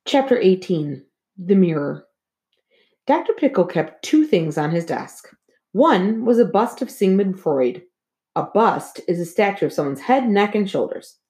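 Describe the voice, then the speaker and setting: A woman narrating a children's chapter book aloud in an expressive, storytelling manner. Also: medium pitch, measured pace. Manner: lively and expressive. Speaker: audiobook reader.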